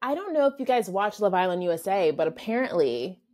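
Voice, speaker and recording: A woman's voice: medium pitch, big pitch swings, a little fast, a crowd in the background. Easygoing woman guest, mid voice. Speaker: podcast guest. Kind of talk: casual chat.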